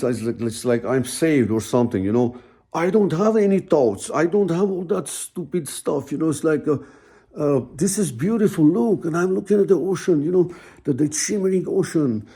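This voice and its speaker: A man's voice: medium pitch, mellow. A man telling his own story in a rambling, heartfelt way, full of asides to the listener. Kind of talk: casual spoken storytelling.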